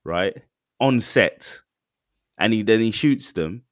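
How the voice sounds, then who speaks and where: A man with a low voice that swings widely as he gets worked up, chatting casually on a podcast. He acts out what other people say, and the sound is dry and close. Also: slow, no echo. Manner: animated, excitable, acts out quotes. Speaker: podcast co-host. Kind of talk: casual chat.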